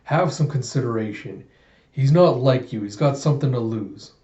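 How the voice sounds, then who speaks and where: A world-weary mercenary who talks in a plain, drawling way, read by a man in his own dark, mellow voice. The sound echoes in a room. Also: medium pitch, normal speed, muffled recording, close to an everyday voice. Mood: stern.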